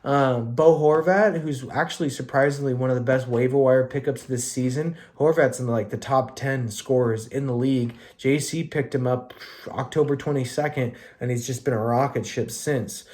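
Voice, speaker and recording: A young man hosts a casual fantasy hockey podcast in an easygoing, mid-pitched voice. He rattles through the week's scores loosely and swears freely. Every so often he drifts into mock rants aimed at his league mates. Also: steady tone, moderate pace, darkish tone.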